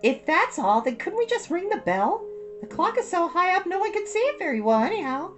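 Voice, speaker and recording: An earnest, determined young girl witch, as a woman reader puts her on. Her storybook voice is high and animated, reaching up into a girlish register. Guitar music plays clearly underneath. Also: fairly quick. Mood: incredulous.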